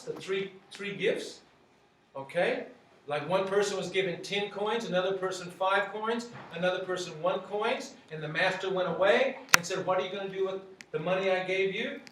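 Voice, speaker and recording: A man's voice: sits high, a bit bright, slight background noise. A man teaching a group, asking many rhetorical questions and repeating phrases. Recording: very echoey, from far off.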